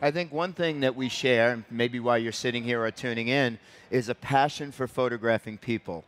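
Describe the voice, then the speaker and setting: A man with an ordinary mid-pitched voice hosts a panel on an event stage. He introduces guests warmly and asks questions in a loose, rambling way. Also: moderate pace. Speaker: panel moderator. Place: event stage before a crowd.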